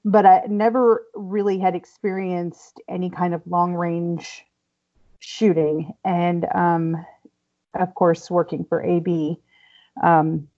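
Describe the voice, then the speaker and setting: A woman's voice: on the low side, fairly even intonation, takes it slowly. Giggly woman hosting a podcast. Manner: laughs often, many fillers. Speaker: podcast host. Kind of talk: casual chat. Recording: dull lo-fi audio.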